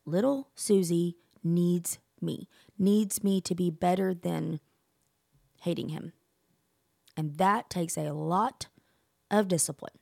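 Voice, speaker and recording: A woman in her forties co-hosting a podcast, telling stories in an emphatic, animated way. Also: lowish voice, slow pace, creaky, pauses often, no room sound, studio quality. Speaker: podcast co-host. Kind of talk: casual chat.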